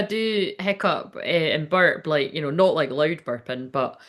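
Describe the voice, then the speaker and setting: A woman's voice: low voice, animated, a little slow, fairly bright tone. A woman working as a psychic medium, giving a live-streamed spiritual reading in a chatty, rambling, sweary way while hiccuping now and then.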